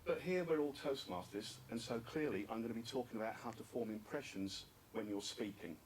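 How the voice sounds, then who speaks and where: A man's voice: mid-range voice, fairly quick. A man giving an interactive talk at a speaking club conference, asking the audience questions and repeating their answers. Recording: distant mic with faint background noise.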